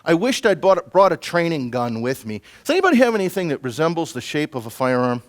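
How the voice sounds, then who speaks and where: A middle-aged man giving a self-defense presentation at a conference, lecturing in a lively, conversational way with asides to the audience. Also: fairly high pitch, fast talker. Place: conference room.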